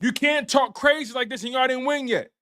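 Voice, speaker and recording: A man's voice: very high-pitched, a little fast. A man hosting a live sports talk stream, talking casually and repeating himself as he banters with his chat. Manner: animated, repetitive, playful trash talk to chat. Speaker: sports show host.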